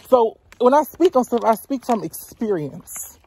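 Breathless woman in her twenties, high-voiced. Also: sing-song, unhurried, warm tone, slightly rough. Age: 20s. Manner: blunt, profane, preachy advice-giving. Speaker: vlogger. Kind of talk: casual walking chat. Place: outdoors on roadside near woods.

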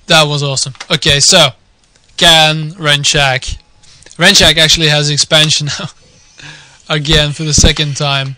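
Young dutch guy casting a game, slow and bright-voiced, goes from mumbling to yelling. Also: a little high, smooth, no room sound. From Netherlands. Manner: swings from quiet musing to shouting excitement. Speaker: game caster. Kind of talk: excitable live game commentary.

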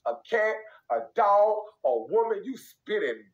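A man's voice: sits high, big pitch swings, unhurried, highs cut off. A young man, ranting heatedly on a live stream, profane, repetitive and emphatic.

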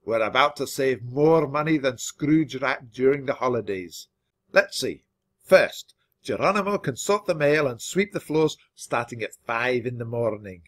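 A man's voice: mid-range voice, expressive, unhurried. A man doing a bossy old grandfather mouse. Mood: boastful. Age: older. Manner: boastful, loud and blustering. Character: bossy old male mouse newspaper founder.

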